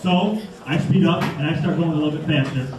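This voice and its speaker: Animated young man speaking to schoolchildren. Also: a little high, quick pace, a crowd in the background. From Michigan. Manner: animated, acts out voices. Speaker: motivational speaker. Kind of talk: storytelling talk to schoolchildren. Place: school hall. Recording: echoey hall from far off.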